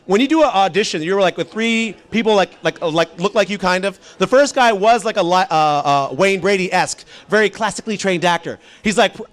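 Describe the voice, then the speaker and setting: A man's voice: high voice, fairly quick, hardly any pauses. A male stand-up comedian telling rambling stories and talking with the audience. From immigrant background. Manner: animated, rambling, crowd work.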